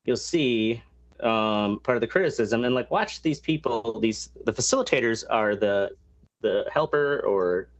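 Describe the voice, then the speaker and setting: A man's voice: mid-range voice, expressive, unhurried. A man hosting a casual podcast chat, explaining a topic at length with many fillers and crude asides. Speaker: podcast host.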